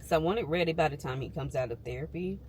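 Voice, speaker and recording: A woman's voice: low voice, fast talker, darkish tone, slight background noise. A woman, talking candidly and emphatically to viewers from her parked car. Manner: candid venting, frank and emphatic. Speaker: vlogger. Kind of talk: casual vlog chat.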